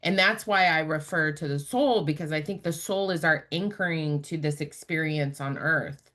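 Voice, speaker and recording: A woman's voice: deep voice, moderate pace, fairly bright tone. A woman hosting a podcast, talking reflectively in a casual conversation. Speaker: podcast host.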